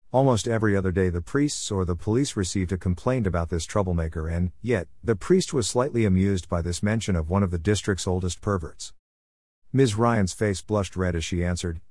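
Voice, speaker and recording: A man with a fairly low voice reads a story aloud in a measured, even storytelling manner. The recording is close and dry, with no room sound. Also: dry recording. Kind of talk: storybook narration.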